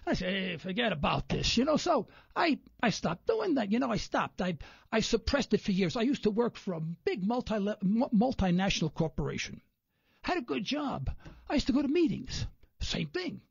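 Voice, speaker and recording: A man rambles through stories as a radio guest, acting out the people he quotes. His voice is high and swoops widely, with a husky, gravelly texture. The audio is dry and dull, like lo-fi radio. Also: normal speed, no echo. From New York. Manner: animated storyteller, acts out quoted people. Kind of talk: rambling anecdotal radio interview.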